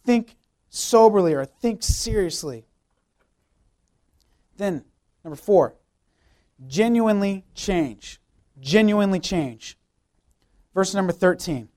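A man's voice: high voice, expressive, takes it slowly, long pauses, dark tone. A young man, a youth pastor, preaching a sermon with emphatic repeated phrases and rhetorical questions.

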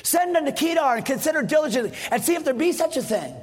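Preacher guy, really high voice, big echoey hall, yells then drops to a hush. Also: lively intonation, fast talker. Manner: emphatic, repetitive, swings from shouts to hushed tones. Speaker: pastor. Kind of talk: fiery sermon. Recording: long hall reverb.

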